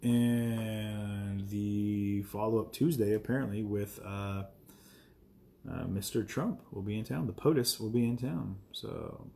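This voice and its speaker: A man's voice: fairly low pitch, takes it slowly, creaky, mellow, slight background noise. A man chatting casually to viewers on a live stream, rambling with many fillers and chuckling asides.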